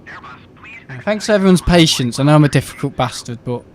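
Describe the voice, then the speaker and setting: A man's voice: on the high side, animated, moderate pace, slight background noise. Chatty young man streaming. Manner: rambling, chatty, swears and laughs often. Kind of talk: casual live-stream chat.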